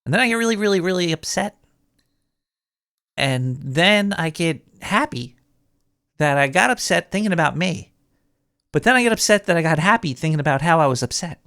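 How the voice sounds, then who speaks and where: A man's voice: fairly high pitch, lively intonation, normal speed, long pauses, pushed and bright, smooth, no room sound, studio quality. A man playing a paranoid male cartoon rat who hosts a call-in radio show, rambling with lots of restarts.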